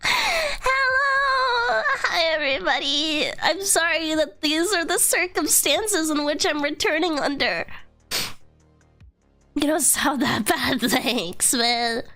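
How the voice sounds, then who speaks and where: A sick woman with a hoarse voice chats on a live stream, giggling and squealing her hellos. Her voice sits high and bright, and she talks at an unhurried pace with a steady stream of chatter from her bedroom setup. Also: faint music behind. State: hoarse from illness. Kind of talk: casual live-stream chat.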